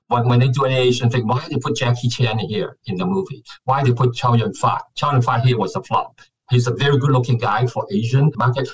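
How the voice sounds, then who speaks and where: Older guy venting about acting, husky, kinda distant mic, fired up. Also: mid-range voice. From Hong Kong. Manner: passionate, venting, animated rhetorical questions. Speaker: guest actor. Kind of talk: casual interview chat.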